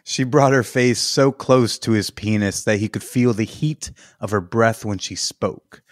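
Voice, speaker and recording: A male podcast host reads a story aloud in a matter-of-fact way and breaks off for joking asides. His voice sits low. The recording is close and dry. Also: a little slow, dry recording. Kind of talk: reading fiction aloud on a podcast.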